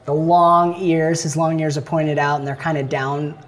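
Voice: medium pitch, flat delivery, normal speed. A game master narrating a tabletop game in a casual, chatty way. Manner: casual, chatty, many fillers and restarts.

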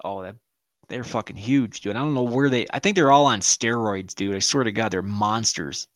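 A man's voice: on the low side, normal speed, fairly bright tone, no echo. Profane man telling a crude story. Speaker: podcast co-host. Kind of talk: casual storytelling chat.

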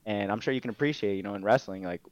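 Young man, low voice, laid-back, swears a lot, dull lo-fi recording. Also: rapid-fire, no room sound. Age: young adult. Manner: laid-back, swears freely, lots of fillers. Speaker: guest, MMA fighter and streamer. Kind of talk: casual interview storytelling. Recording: dull, lo-fi dry sound.

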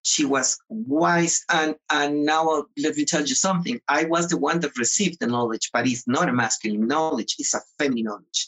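A man from the Mayan highlands, an author being interviewed, speaking earnestly with frequent restarts and repeated words. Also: fairly bright tone, poor audio. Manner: earnest, halting, with many restarts. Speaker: author and guest. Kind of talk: interview conversation.

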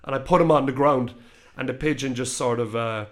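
A man in his thirties telling a story in casual chat, animated, swearing and laughing as he goes. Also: medium pitch, fairly quick. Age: 30s.

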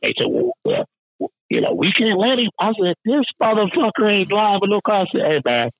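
A man telling a rowdy work story in casual chat, profane, animated and laughing often. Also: sits high, fairly quick, gravelly, slightly rough, no room sound, narrow, tinny audio.

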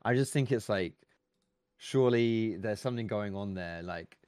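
Low voiced podcast guy, kinda hesitant, dry sound. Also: darkish tone, smooth, no room sound. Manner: measured, hesitant. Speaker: co-host. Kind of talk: casual podcast chat.

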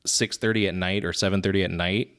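A man with a low, deep speaking voice, chatting casually on a podcast. He tells stories with energy and often breaks into laughter at his own tales. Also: steady tone, fast, a bit bright, smooth. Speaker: podcast co-host and father. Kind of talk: casual chat.

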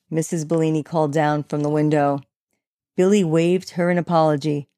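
Mellow woman reading a story. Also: sits low, steady tone, normal speed, no echo, clean studio sound. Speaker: audiobook narrator. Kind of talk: first-person story narration.

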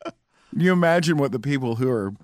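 A man's voice: mid-range voice, animated, fairly quick, dry recording. A man co-hosting a podcast in casual chat, with dry, sarcastic humor. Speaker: podcast co-host.

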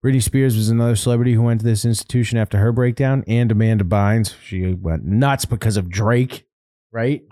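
Laid-back deep-voiced man cracking crude jokes. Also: fairly even intonation, fairly quick, dark tone, no room sound, clean studio sound. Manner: crude, joking, laughs often. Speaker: podcast co-host. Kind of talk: casual comedic chat.

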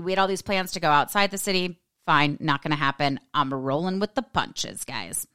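Woman, American, 40s, low pitch, smooth clear voice, sassy storytelling podcast host. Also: a little fast. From United States. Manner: animated, sassy, acts out quoted voices. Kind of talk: casual storytelling monologue.

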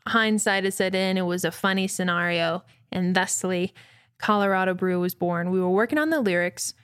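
A woman's voice: lowish voice, normal speed, clean tone, no echo, studio quality. A young woman in a band, casually telling a story in an interview and acting out what people said. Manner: animated storyteller who acts out quotes. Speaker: band member.

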